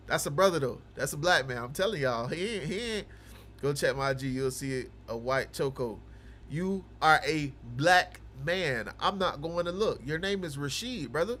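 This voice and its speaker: A man hosting a livestream, chatting casually with viewers and teasing them, going from low mumbling to loud ranting. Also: animated, moderate pace. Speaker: livestream host of a game broadcast.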